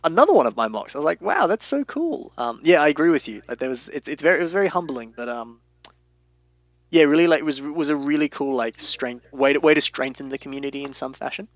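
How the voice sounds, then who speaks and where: A man hosting a casual podcast chat, excitable and acting out the reactions he quotes. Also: mid-range voice, fast, no room sound. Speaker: podcast host.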